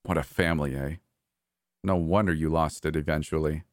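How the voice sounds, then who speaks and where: A man voicing a manic, cruel adult brother who taunts and mocks, breaking into yells. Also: rumbling low, fairly even intonation, moderate pace, no echo, studio quality. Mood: mocking. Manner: taunting, mocking, erratic shifts into yelling.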